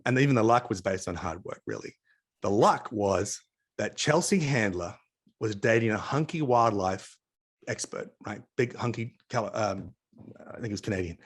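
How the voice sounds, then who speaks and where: Australian man telling lively anecdotes. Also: lowish voice, breathy edge. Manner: animated, chatty anecdotes with asides. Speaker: interview guest. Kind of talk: casual storytelling interview. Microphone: video call.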